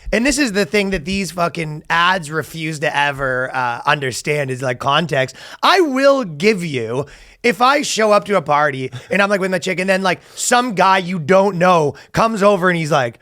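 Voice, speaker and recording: A man's voice: sits high, big pitch swings, normal speed, fairly bright tone, no echo, studio quality. A man hosting a podcast in casual chat, joking and acting out quotes with a laugh. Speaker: podcast host.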